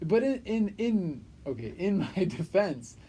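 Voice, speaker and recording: A young man co-hosting a podcast, chatting casually and telling stories with lots of swearing and loud acted-out quotes. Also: high-pitched, unhurried, slight background noise, rough recording. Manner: animated storyteller, swears freely, acts out quotes loudly. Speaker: podcast co-host. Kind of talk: casual chat.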